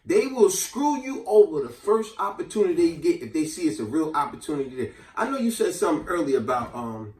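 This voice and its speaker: Host, male, high-ish voice, lively storyteller who acts out voices, recorded at a distance in an echoey room. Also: fairly quick, few pauses. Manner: animated storyteller acting out characters' voices. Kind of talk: casual storytelling and advice.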